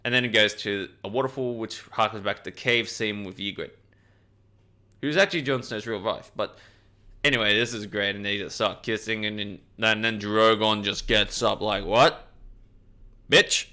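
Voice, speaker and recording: A man giving a casual, rambling video review of a TV episode, excitable, swearing freely and often correcting himself. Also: on the low side, normal speed, clean tone.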